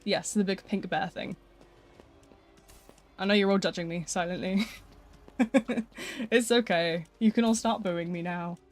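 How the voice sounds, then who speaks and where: Woman streamer, middle-pitched voice, chatty, rambling, laughs often. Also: steady tone, unhurried, long pauses, a little mellow, faint music behind. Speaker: live streamer. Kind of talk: casual live-stream chat.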